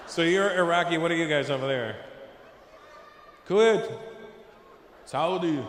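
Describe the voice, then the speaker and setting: A man's voice: sits high, measured pace, pauses often, background noise. A man doing a stand-up comedy set, riffing with the crowd and acting out voices on a handheld stage mic. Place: large comedy venue with live audience. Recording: echoey hall, crowd audible.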